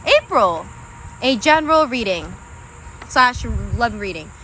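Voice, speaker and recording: A woman's voice: on the high side, big pitch swings, unhurried, a bit bright, slight background noise. A young woman giving live-stream tarot readings, chatty and casual, swearing freely and calling her viewers guys and babe. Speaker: tarot reader.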